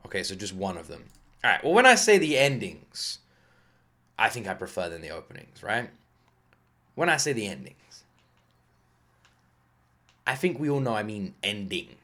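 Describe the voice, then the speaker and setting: Excitable man with a lingering cough. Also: on the low side, moderate pace, pauses often. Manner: excitable, swears freely, rambling. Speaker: anime reaction channel host. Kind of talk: casual reaction commentary.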